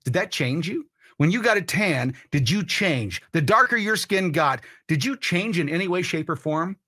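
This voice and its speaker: A man's voice: high voice, animated, normal speed, pushed and bright. A man hosting a political commentary show, ranting in a heated, blunt and profane way. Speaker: host.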